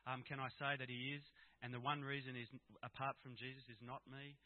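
A man's voice: medium pitch, flat delivery, a little fast, no echo. A middle-aged Australian man giving a candid, plain-spoken personal talk to an audience of Christian fathers. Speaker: speaker at a Christian fathers' gathering. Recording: tinny, dry phone-like sound.

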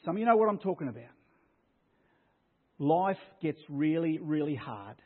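Pastor, husky voice, loud then hushed. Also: male voice, a little high, very animated, normal speed. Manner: swings from loud declaring to hushed near-whisper. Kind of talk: sermon. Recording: tinny phone-like sound.

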